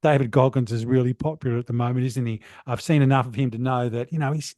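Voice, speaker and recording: A man's voice: mid-range voice, fairly quick, darkish tone, dry recording. A middle-aged man who is a guest on a podcast, talking earnestly about wellness coaching. He rambles with many fillers. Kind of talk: motivational podcast conversation.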